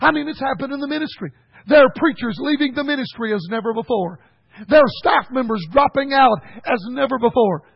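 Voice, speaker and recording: A man preaching a folksy sermon that rises to shouted emphasis. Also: very high-pitched, creaky, husky, no echo, lo-fi sound.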